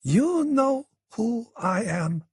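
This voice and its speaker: A man voicing an enraged, volatile male gunman who shouts threats. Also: very high voice, big pitch swings, very slow, slightly rough, dry recording, studio quality, pitched above the performer's own voice, full character voice. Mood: menacing.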